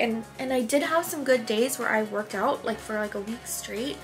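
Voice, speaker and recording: A woman's voice: on the high side, normal speed, over music. A young woman vlogging casually to camera, chatty and rambling, a little out of breath. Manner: chatty, rambling, frequent laughs.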